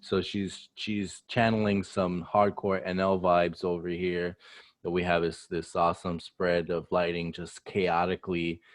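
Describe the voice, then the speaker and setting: A man co-hosting a casual comic read-through, relaxed and chiming in with agreement. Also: sits low, measured pace, no room sound. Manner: relaxed, mumbles agreement, acts out lines. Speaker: co-host.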